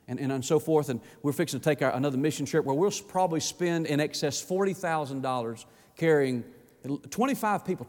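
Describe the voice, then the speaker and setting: A pastor preaching a folksy sermon that rises to shouting on its key points. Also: male voice, on the high side. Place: church sanctuary. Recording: long church reverb.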